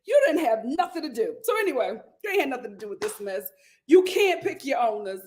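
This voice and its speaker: A woman hosting a casual reality TV recap vlog, sassy and loudly exasperated. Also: high-pitched, very animated, a little fast. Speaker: vlog host.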